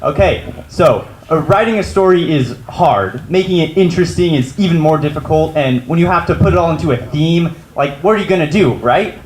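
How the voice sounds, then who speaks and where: A teenage boy tells a story on a school stage in a casual, chatty way, full of likes and you knows. His voice sits a little high for a man. The sound is roomy, with the echo of a hall around it. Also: expressive, brisk, hardly any pauses, noisy background. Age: teens. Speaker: student storyteller. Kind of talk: personal story at a live story slam.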